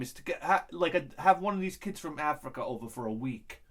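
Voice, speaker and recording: A middle-aged man rambling through a crude comic story, his voice riding up and down with lively swings. He sits a touch high for a man and keeps tripping over restarts as he goes. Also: fairly quick. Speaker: vlog host.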